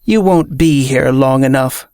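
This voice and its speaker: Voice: mid-range voice, measured pace, dark tone, clean tone, no echo, clean studio sound, close to an everyday voice. A reader voicing a cranky, curt gray alien gambler.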